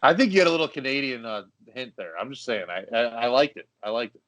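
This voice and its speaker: A man's voice: medium pitch, animated, quick pace, a bit bright, dry recording. A man co-hosting a casual podcast who makes wry, joking asides. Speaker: podcast co-host.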